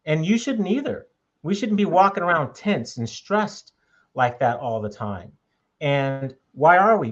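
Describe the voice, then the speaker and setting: A man's voice: fairly high pitch, very animated, measured pace, dull audio. A man talking in a casual podcast conversation, making his points emphatically and checking in with "okay?". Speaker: podcast host.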